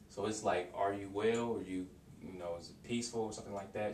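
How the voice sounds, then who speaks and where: A man giving a casual video language lesson, hesitant with many fillers and restarts, repeating phrases slowly for practice. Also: on the low side, fairly even intonation, darkish tone. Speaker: language learner teaching lessons. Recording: roomy, distant home recording with faint hiss.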